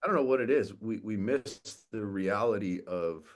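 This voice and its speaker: A man with a lowish voice speaks at a moderate pace as a guest on a casual podcast, where he works as a coach for fathers. He's blunt and swears a lot, acting out what other people say.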